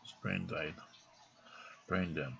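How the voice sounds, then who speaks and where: A man's voice: low voice, steady tone, slow, creaky, bright, forceful tone, a little hiss or hum. A man telling a personal story in a rambling, indignant way with plenty of swearing. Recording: dull lo-fi recording.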